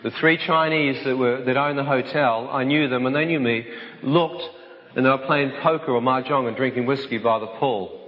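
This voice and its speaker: A man telling a dramatic personal testimony to an audience, vivid and animated, acting out the voices in his story. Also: mid-range voice, moderate pace. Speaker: speaker giving a testimony. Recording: echoey hall, dull sound.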